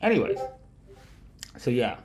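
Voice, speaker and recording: A man hosting a casual livestream about markets, with a nasal voice, rambling, swearing often and laughing loudly. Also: mid-range voice, sing-song, unhurried, a little hiss or hum. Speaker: livestream host of a market analysis show. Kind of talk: casual profane chat.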